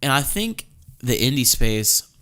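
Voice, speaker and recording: A man's voice: mid-range voice, very animated, measured pace, fairly bright tone. A young man hosting a podcast, talking casually, with frequent restarts and repeated words. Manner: hesitant, repeats words, lots of fillers. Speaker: podcast host. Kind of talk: casual chat.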